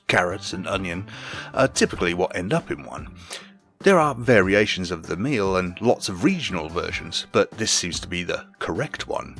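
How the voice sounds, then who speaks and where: Low british guy reading his podcast bit, dry jokes, voice swings up and down, faint music under. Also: fairly bright tone. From Britain. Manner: dry, wry asides. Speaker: podcast co-host. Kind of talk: scripted segment read-out.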